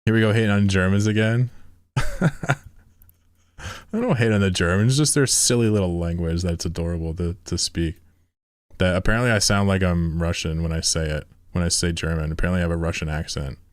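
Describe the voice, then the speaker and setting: A man with a very low voice streams a game and chats loosely with his viewers. He rambles, swears freely and laughs often. The sound is close and dry, with no room around it. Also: a little fast, no room sound. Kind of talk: casual live-stream chat while gaming.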